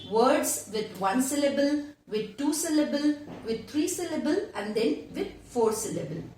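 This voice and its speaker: A woman teaching a grammar lesson to children, repeating each word slowly several times. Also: high-pitched, animated, a little mellow, a little hiss or hum. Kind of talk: slow classroom lesson for children. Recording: very echoey room, voice from far off.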